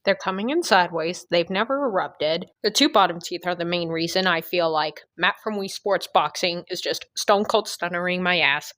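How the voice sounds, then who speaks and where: A woman's voice: lowish voice, normal speed, few pauses, fairly bright tone, no echo, clean studio sound. A young woman telling a comedic storytime, sarcastic and crude, with exaggerated jokes. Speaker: storytime vlogger.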